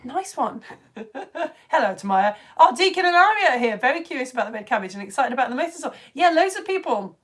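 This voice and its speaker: A woman's voice: high voice, sing-song, fairly quick. A woman from the UK teaching a live online science lesson, chatty and enthusiastic, laughing often as she reads out viewer comments. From United Kingdom.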